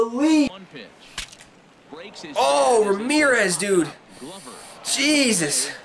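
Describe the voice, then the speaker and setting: A man with a high voice gives excitable live gameplay commentary, swearing and shouting at what happens on screen. Loud stadium crowd noise from the game sits behind his voice. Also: normal speed, rough recording. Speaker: gaming commentator.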